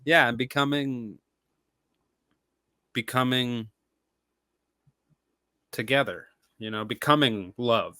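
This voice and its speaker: A man, a rapper and stage actor, talking casually as a podcast guest, animated and full of "like" fillers. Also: mid-range voice, slow pace, long pauses, no echo.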